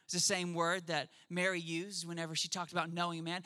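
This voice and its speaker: A man's voice: on the high side, fairly quick. A man preaching a sermon in a conversational way, checking in with the crowd and acting out quoted voices. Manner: acts out quoted voices in a lively way. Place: church service.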